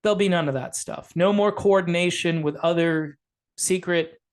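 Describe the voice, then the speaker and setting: A man talking straight to his viewers in a loose commentary video, sarcastic and rambling as he goes. His voice sits high for a man. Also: normal speed. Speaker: political commentator. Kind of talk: casual political commentary.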